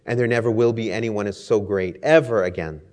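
Flattering royal courtiers heap praise on their king in a sermon's story, voiced by a man. They sound eager to please and fawning. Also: lowish voice, a little fast, natural voice.

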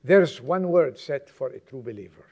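A male pastor preaches to his congregation at a moderate pace, expressive and emphatic. He swings between loud exhortation and quiet, low asides.

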